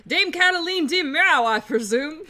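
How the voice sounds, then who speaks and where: A woman's voice: high voice, pushed and bright, pitched above the performer's own voice, exaggerated voice. A woman voicing a pampered young female cat aristocrat in a video game, in a flighty, mock-foreign lilt.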